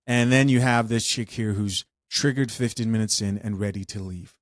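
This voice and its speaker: A man's voice: medium pitch, normal speed, hardly any pauses, a bit bright, dry recording, studio quality. A man giving casual reaction commentary, talking straight to his viewers. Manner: conversational, addresses viewers directly.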